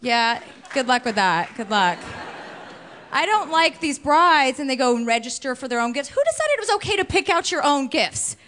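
Recorded live in a comedy club, with faint crowd sound and noise, a woman performs a blunt, mocking stand-up set into a stage microphone in front of an audience. Her high voice is sing-song and a bit bright, moving at a moderate pace.

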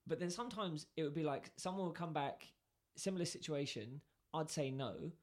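A man's voice: on the high side, normal speed. A British man co-hosting a podcast, telling a story in casual chat and acting out both sides of the conversation. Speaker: podcast co-host.

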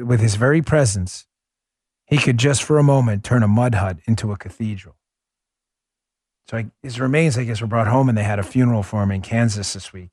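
A man's voice: mid-range voice, a little mellow, dry recording, clean studio sound. A man in his forties hosting a podcast, telling stories in a casual, conversational monologue with many restarts. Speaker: podcast host.

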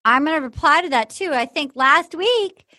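Chatty high-voiced woman recapping a show. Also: normal speed, dry recording. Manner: animated storyteller, acts out quotes. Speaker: podcast co-host. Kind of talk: casual chat recapping a dating show.

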